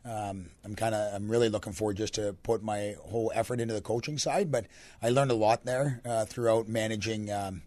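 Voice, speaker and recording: A young Canadian man, a hockey coach with a deep, raspy voice, answering radio interview questions in a relaxed, rambling way. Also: a little fast, no echo. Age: young adult. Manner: relaxed, rambling answers with many fillers and restarts.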